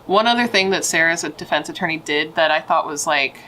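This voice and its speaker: Woman, low bright voice, chatty true-crime host, blunt opinionated asides. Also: brisk, a little hiss or hum, rough recording. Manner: chatty and opinionated, with frequent "like" fillers. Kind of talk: casual true-crime storytelling.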